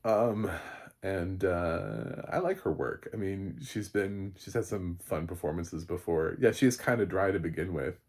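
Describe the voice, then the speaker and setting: Low-voiced male critic, husky, rambling and wry. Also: a little slow, a little mellow. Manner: rambling, sarcastic, trails off. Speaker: film critic. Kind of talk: casual comedic review monologue.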